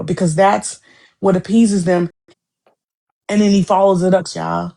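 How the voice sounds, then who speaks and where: A woman's voice: on the low side, steady tone, unhurried, gravelly, mellow. A woman co-hosting a podcast, talking in a heated, profane, repetitive way in casual chat. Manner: heated, profane, repeats herself.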